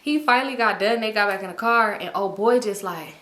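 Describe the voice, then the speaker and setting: A woman's voice: medium pitch, a little fast, roomy sound, slight background noise. A woman vlogger telling a storytime in casual, slangy talk with lots of laughing. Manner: animated, slangy, laughs often.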